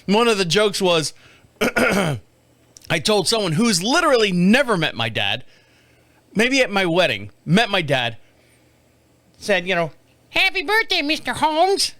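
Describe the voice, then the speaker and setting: Bright, high-voiced animated man. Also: measured pace, long pauses, no room sound. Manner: rambling, animated storytelling with mocking voices. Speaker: podcast host. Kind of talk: casual monologue. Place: home studio.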